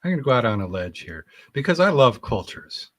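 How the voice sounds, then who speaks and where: A man speaking as a guest in a relaxed conversation, his voice sitting in an ordinary middle pitch. He talks earnestly and keeps circling back, restarting his sentences while he hunts for the right words. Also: brisk, dry recording. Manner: rambling and searching for words, with frequent restarts; earnest and enthusiastic, with loud bursts of laughter. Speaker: podcast guest. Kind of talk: casual conversation.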